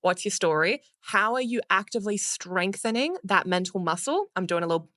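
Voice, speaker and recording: Lively Australian woman coaching, dry sound. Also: medium pitch, brisk, dry recording. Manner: energetic, playful, casually swears. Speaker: public speaking coach. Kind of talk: podcast interview, coaching advice.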